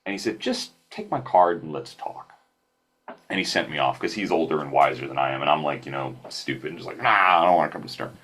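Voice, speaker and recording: Low husky-voiced man telling stories. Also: fairly quick. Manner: animated, self-deprecating, with frequent restarts. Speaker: podcast guest. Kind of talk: casual storytelling on a podcast. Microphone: remote call.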